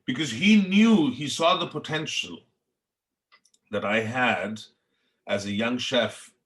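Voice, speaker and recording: A man's voice: mid-range voice, slow pace, a bit bright. A middle-aged man from India with an Indian accent, telling his story as a guest in an interview, earnest and passionate. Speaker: chef, podcast guest. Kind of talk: reflective interview talk.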